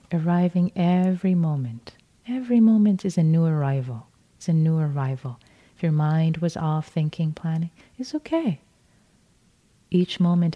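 A woman meditation teacher giving a dharma talk at a retreat, speaking gently and unhurriedly, repeating words softly and often restarting phrases. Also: lowish voice, muffled recording.

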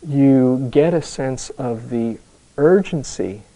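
A man giving a dharma talk to a live group as a meditation teacher, telling a personal story slowly, with hesitant restarts. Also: mid-range voice, dark tone, poor audio.

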